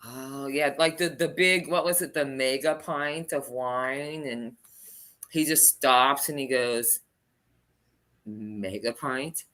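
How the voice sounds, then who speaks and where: A woman's voice: extremely low pitch, fairly even intonation, slow pace, fairly bright tone. A woman in a casual live stream chat, talking chattily and jumping between topics.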